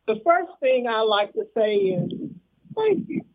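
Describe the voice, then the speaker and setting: A woman's voice: a little high, sing-song, measured pace, phone-quality sound. An older woman from Alabama gives a fiery rally speech in a call-and-response preaching cadence over a public address system outdoors. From Alabama, US South. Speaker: rally speaker.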